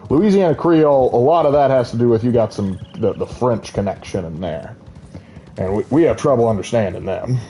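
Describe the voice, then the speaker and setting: A man's voice: medium pitch, animated, fairly quick, dark tone, slight background noise. A man, chatting and rambling as he streams a game, laughing often. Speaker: gaming streamer. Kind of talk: casual live-stream commentary.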